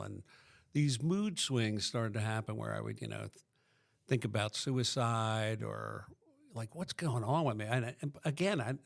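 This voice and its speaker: A man's voice: on the low side, creaky. A middle-aged man from Pennsylvania, a podcast guest, tells his recovery story in a rambling way, full of restarts.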